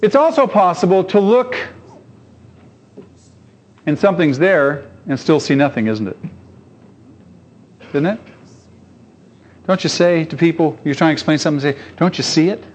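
Male pastor, animated sermon delivery, lively pitch, slightly muffled lo-fi recording. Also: normal speed, long pauses. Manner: animated storytelling, acts out voices, rhetorical questions. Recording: dull lo-fi sound.

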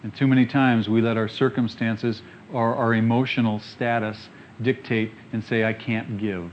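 A man preaching a sermon emphatically, dropping quiet and then rising loud. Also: medium pitch, little pitch movement, moderate pace, highs cut off, slight background noise. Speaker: pastor.

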